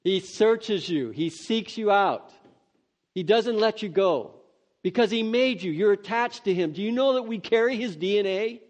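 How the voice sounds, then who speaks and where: A man preaching, reading scripture aloud and breaking off into earnest, excitable, conversational asides. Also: sits high, moderate pace. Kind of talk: devotional scripture reading with commentary. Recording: dull lo-fi sound.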